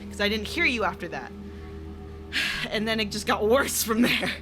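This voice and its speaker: A woman co-hosting a paranormal podcast, telling a story in lively casual chat, swearing often and laughing. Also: mid-range voice, unhurried, music in the background. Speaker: podcast co-host.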